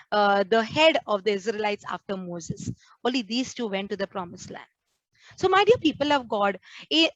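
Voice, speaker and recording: High-voiced nun preaching earnestly. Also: female voice, no room sound, dull audio. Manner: earnest, acts out quoted complaints. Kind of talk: prayer group sermon.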